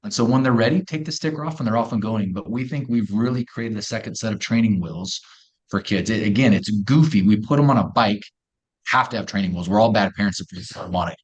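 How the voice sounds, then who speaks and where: A middle-aged man with a low voice talks up his product as a podcast guest. His delivery is an energetic pitch with folksy turns of phrase. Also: brisk. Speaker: company co-founder guest. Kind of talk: podcast interview.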